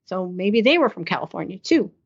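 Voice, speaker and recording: A woman's voice: mid-range voice, very animated, a little fast, breathy edge. A woman co-hosting a podcast, chatting enthusiastically and laughing often. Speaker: podcast co-host. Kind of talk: casual recap chat. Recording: slightly dull lo-fi sound.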